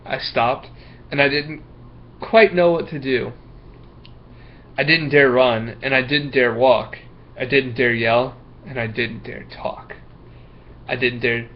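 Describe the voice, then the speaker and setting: A man's voice: medium pitch, lightly acted. Storybook: a man reading as a nervous schoolboy, hesitant and stammering, muffled recording with faint hiss. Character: young schoolboy, nervous, full of excuses. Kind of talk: reading a picture book aloud.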